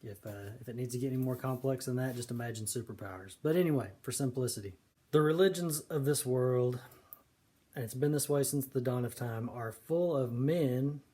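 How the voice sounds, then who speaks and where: A man giving casual, earnest commentary on scripture, stressing key words slowly. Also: mid-range voice, mellow. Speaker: video preacher.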